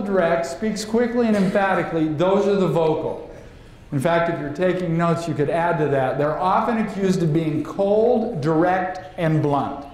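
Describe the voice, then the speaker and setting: Animated man teaching in an echoey room. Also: high-pitched. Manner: animated, acts out quotes, asks the room questions. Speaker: leadership trainer. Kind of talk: live seminar talk. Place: training room with an audience. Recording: very echoey room, faint noise.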